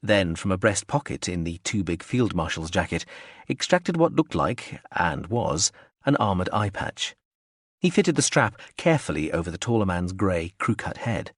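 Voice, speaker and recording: A man narrating a science-fiction audiobook in a measured, expressive storytelling manner. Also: low-pitched, no room sound, clean studio sound. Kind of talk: scripted narration.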